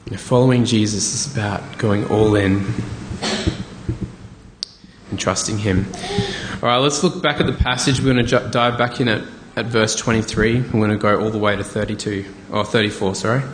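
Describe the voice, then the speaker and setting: A man's voice: lowish voice, moderate pace, background noise. Man preaching in an echoey hall. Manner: conversational, animated preaching with asides. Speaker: pastor. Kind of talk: sermon. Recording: echoey hall, faint ambience.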